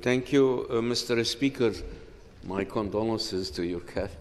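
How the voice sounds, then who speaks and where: A man's voice: fairly low pitch, measured pace, darkish tone, slight background noise. A man asking a formal, read-out question in a parliamentary debate. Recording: long hall reverb.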